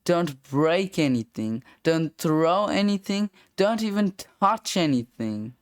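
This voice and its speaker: Reader doing a bossy older sister, scolding, slow firm delivery, dry close sound. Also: mid-range voice, lively intonation, no room sound. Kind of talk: comic strip read-aloud.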